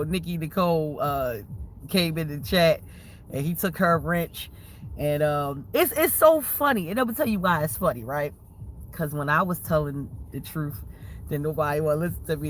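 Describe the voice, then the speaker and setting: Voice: mid-range voice, fairly bright tone, slight background noise. A livestreamer chatting casually to viewers, rambling and laughing often, with slangy, profane talk. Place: waiting for a food order.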